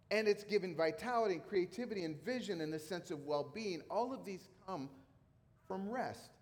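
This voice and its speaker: A middle-aged man who is a pastor, preaching a sermon in a casual, conversational way with emphatic repetition. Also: sits high. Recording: long hall reverb.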